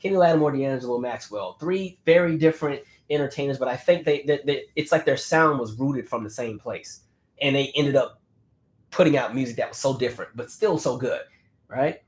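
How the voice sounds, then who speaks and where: Slightly hoarse man chatting casually. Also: mid-range voice, brisk. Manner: conversational, many fillers and restarts. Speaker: livestream host reading chat comments. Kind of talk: casual livestream chat.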